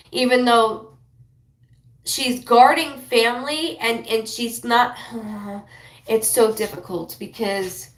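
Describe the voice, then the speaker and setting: A woman giving a live psychic reading, rambling and emotional, talking in quick bursts. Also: a little high, reverberant. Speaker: psychic reader.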